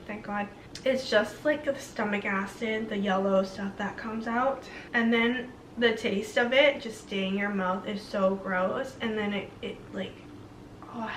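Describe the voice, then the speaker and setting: A woman's voice: a little high, fairly bright tone, a little hiss or hum. A young woman vlogger chatting casually to camera, rambling with lots of fillers. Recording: roomy, slightly distant mic.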